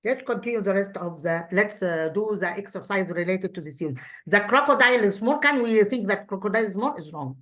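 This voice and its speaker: Woman teaching English, halting. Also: mid-range voice, expressive, a bit bright. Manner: halting, many fillers and self-corrections, asks then answers own questions. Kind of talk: recorded classroom revision lesson. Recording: dull lo-fi audio.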